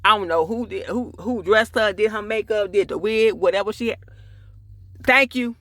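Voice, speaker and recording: A man's voice: sits high, moderate pace, a bit bright, no echo, clean studio sound. A man casually recapping a TV episode, acting out the characters' lines with sassy asides. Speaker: TV show reviewer.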